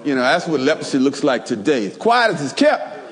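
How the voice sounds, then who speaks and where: A man delivers a lively, humorous sermon, drawing call-and-response from the pews. His voice sits high and leaps all over its range. A long hall reverb trails every phrase. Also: brisk. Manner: animated, call-and-response, plays jokey role examples. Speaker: preacher. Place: church.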